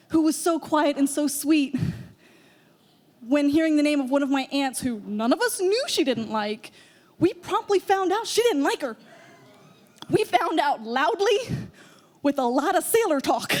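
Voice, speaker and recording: A young woman telling a personal story on stage at a live storytelling event, chatty and lively, slipping into voices for her relatives. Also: high-pitched, a little slow, long pauses.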